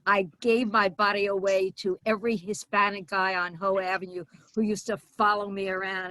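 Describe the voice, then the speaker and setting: An older woman works a comedy club crowd, telling brash, deadpan stories about her family. Her voice sits at a middle pitch and comes across dry and close, with no room echo around it. She switches into exaggerated voices whenever she quotes someone. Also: moderate pace, few pauses. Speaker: stand-up comic. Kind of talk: stand-up storytelling.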